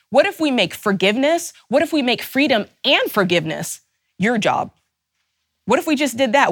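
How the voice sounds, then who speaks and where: In a dry, studio-quality recording, a high-voiced woman who hosts a personal finance show gives an emphatic, impassioned pep talk. She fires off one rhetorical question after another, plainly angry for her audience's sake.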